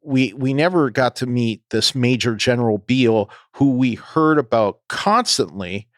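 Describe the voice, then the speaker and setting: A man co-hosting a podcast, talking casually and haltingly with many ums and restarts. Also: mid-range voice, no echo, studio quality. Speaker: podcast co-host.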